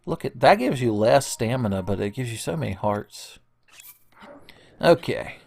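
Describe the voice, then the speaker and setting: A man's voice: mid-range voice, lively intonation, a little slow, vocal fry, darkish tone. Joking, profane young male gamer. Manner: joking, profane, rambling, with silly voices. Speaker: let's play commentator. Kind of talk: casual gameplay commentary.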